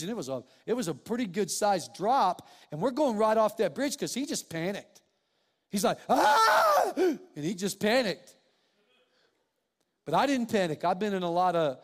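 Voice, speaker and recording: High-voiced man preaching in a reverberant hall. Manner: conversational, swings from quiet and slow to loud and emphatic. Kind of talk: sermon.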